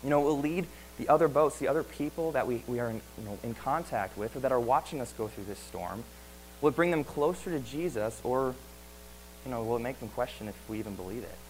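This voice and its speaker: A man's voice: mid-range voice, quick pace, a little hiss or hum, low-quality recording. A man preaching a sermon in an earnest way, asking many rhetorical questions and often repeating words.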